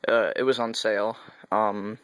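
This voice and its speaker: A man's voice: fairly low pitch, level tone, measured pace, clean tone, dry recording. A young man vlogging a casual, rambling overview of his computer parts, correcting himself and making sarcastic asides. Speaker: YouTube vlogger. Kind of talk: casual tech hardware overview.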